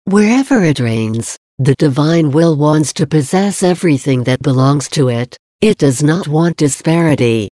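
A woman reading the words of Jesus as a gentle, loving male divine speaker, in a measured, earnest devotional reading. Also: deep voice, expressive, no echo, clean studio sound. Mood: tender.

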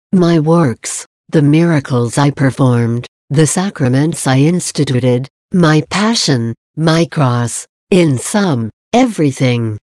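A woman reading the words of Jesus as a gentle, loving male divine speaker, in a measured, earnest devotional reading. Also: low voice, no room sound, clean studio sound.

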